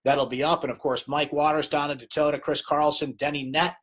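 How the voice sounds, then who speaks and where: A man's voice: a little high, flat delivery, fairly quick, a bit bright, husky. A middle-aged man hosting a live late-night sports chat, ranting in exasperation at TV commentators, then wrapping up the show.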